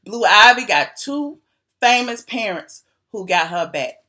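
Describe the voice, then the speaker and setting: A woman's voice: mid-range voice, lively intonation, measured pace, pushed and bright. A woman vlogger giving sassy, casual gossip commentary, repeating herself for emphasis and laughing between lines. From Atlanta, US. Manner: sassy, repetitive, laughing asides.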